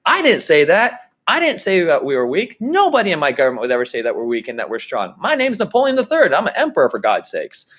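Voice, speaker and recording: A man's voice: huge pitch swings, quick pace, few pauses, fairly bright tone, heavily acted. A man voicing an arrogant, indignant male emperor in a raised, offended voice for a history lesson. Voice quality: high, offended put-on voice.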